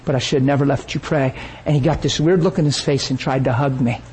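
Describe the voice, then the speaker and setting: A man preaching a sermon, telling a story with lively energy and acting out the people he quotes. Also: mid-range voice, fast talker, slight background noise, low-quality recording.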